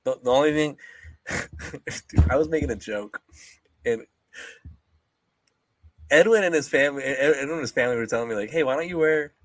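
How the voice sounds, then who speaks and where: A man's voice: mid-range voice, lively intonation, fairly quick, pauses often, no room sound. A young man co-hosting a podcast, rambling and joking, swearing freely and mimicking people in casual chat. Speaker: podcast co-host.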